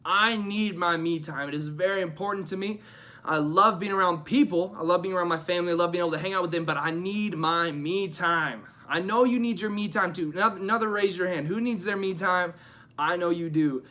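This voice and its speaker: Young male youth pastor, bright tense tone, high voice, lively and emphatic delivery. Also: a little fast. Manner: energetic, emphatic, repeats phrases. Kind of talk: youth devotional talk.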